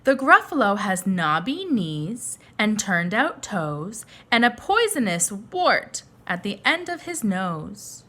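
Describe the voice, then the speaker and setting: A woman teacher reads a picture book aloud to young children, stopping to ask them questions. Her voice is bright and swings lively in pitch at an unhurried pace. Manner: friendly questions to young listeners. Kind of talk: children's story read-aloud lesson.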